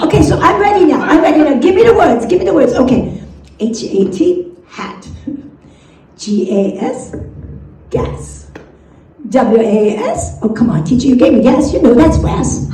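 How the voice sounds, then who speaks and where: A woman's voice: high voice, big pitch swings, normal speed, dark tone. A woman voicing a frantic, whiny little boy pupil who squeals and pleads with his teacher. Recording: roomy live stage sound from a distance, audience audible.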